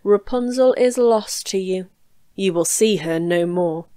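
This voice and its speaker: A hard-hearted old witch from a storybook, drawing out her words slowly in a mocking, threatening way, as a woman reads her out. The voice sits in a middle pitch, and the sound is dry and close, with no room around it. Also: mellow, clean tone, no room sound, natural voice.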